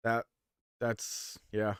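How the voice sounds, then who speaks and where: A man's voice: extremely slow, dry recording, studio quality. A man co-hosting a casual wrestling review show, speaking in an easygoing way and laughing often. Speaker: co-host.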